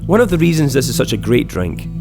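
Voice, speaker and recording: A man narrating a scripted recipe voice-over in a calm, steady manner. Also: medium pitch, quick pace, creaky. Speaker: host. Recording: voice-over with loud guitar music.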